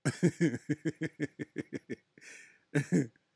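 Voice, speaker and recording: Slow slangy young man, laughing. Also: fairly high pitch, creaky, darkish tone, slightly rough, dry recording, clean studio sound. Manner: laughs often, slangy and loose, trails off with "man" and "boy". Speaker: podcast host reading live chat. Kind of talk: casual comedic chat.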